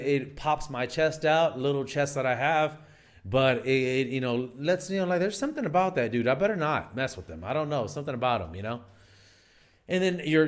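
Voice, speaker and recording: A man talks straight to camera, handing out dating advice in a loose, unscripted way. He is emphatic but keeps circling back and restarting his sentences. His pitch sits in a middle range. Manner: rambling and emphatic, frequent fillers and restarts. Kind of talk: casual advice monologue.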